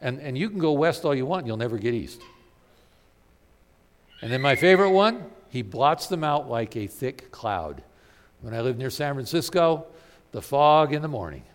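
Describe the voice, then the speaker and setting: A man's voice: medium pitch, sing-song, normal speed, long reverb tail. A man preaching a sermon, emphatic and full of rhetorical questions. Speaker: pastor.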